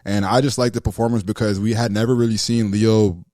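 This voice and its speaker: Male podcast co-host, rapid excitable rambling, dry mic. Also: lowish voice, no room sound. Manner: quick, excitable, rambling with fillers. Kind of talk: casual movie discussion.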